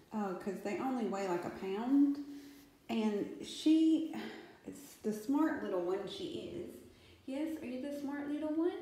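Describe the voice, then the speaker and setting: A woman's voice: mid-range voice, mellow, very echoey, low-quality recording. A woman rescuing cats, chatting casually and rambling at home, now and then cooing baby talk to the animals. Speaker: cat rescuer vlogging. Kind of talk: casual chat. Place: room in a house.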